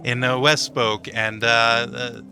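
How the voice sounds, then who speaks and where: A man's voice: mid-range voice, flat delivery, slow pace, gravelly, pushed and bright, soft background music, exaggerated voice. A man voicing a prim, well-kept male goblin servant who stammers politely.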